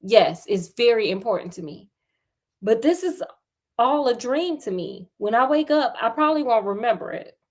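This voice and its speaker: In a storytelling reading, a woman voices a grieving teenage boy earnestly pleading with his girlfriend. Her voice is fairly high and a little mellow, with lively intonation and normal speed.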